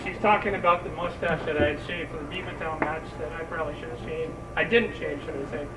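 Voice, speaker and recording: A man's voice: fairly high pitch, fairly even intonation, quick pace, very noisy. A man speaking as a bowling coach at a team ceremony, folksy and joking. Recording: crowded bowling alley from far off.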